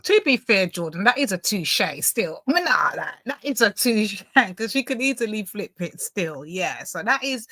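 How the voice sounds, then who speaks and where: A young woman, slangy and playful, her voice bright and close on a dry mic. She talks in an easygoing, conversational way. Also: medium pitch, big pitch swings, normal speed, dry recording. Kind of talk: casual reaction commentary.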